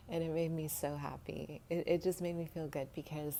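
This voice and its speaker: A woman's voice: low-pitched, gravelly, dark tone. A woman telling a rambling personal story to her viewers, laughing often and dropping into whispers. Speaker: vlogger. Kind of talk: casual storytelling to camera. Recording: faint background noise.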